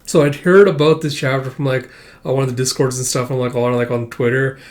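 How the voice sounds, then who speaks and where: A man's voice: medium pitch, steady tone, fairly quick. Rambling man reading a manga aloud. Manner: rambling, laughing, with swearing asides. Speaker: manga reviewer. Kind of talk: casual reading and commentary.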